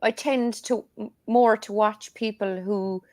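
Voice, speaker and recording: A woman from Ireland with a Cork accent chats as a guest tarot reader, telling stories and laughing often. Her medium-pitched voice is steady, a little slow and a little mellow, with no echo.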